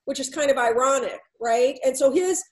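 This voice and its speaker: A woman with a high, light voice tells a story from her consulting work. She relays the back-and-forth of a conversation, moving between her own lines and the other speakers'. It is unscripted storytelling talk from a middle-aged speaker. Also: moderate pace, poor audio. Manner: recounts dialogue, shifting between herself and others. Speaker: workplace consultant.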